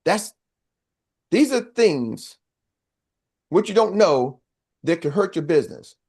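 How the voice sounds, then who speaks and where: High-voiced man preaching sales motivation. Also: sing-song, slow pace, a little mellow, husky. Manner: preachy, call-and-response, acts out little voices. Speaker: sales coach. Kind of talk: motivational training talk.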